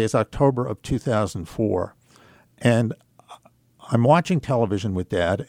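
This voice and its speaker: An older man telling a personal story on talk radio in a measured, reflective way, with hesitant pauses and fillers. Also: medium pitch, darkish tone, dry recording, clean studio sound. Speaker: radio guest.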